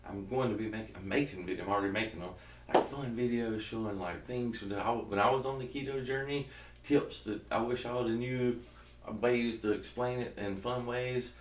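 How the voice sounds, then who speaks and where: A man's voice: medium pitch, steady tone, fairly quick, echoey room, far from the mic, slight background noise. A man in his thirties from South Georgia with a Southern accent, rambling jokily in a casual vlog and interrupting himself often. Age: 30s. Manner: rambling, jokey, self-interrupting. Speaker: keto vlogger.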